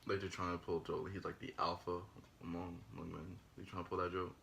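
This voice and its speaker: A man with a low, bright-edged voice reacts with quick, incredulous remarks in a casual chat. Faint background noise sits under his voice. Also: little pitch movement, vocal fry. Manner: incredulous, short interjections. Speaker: co-host.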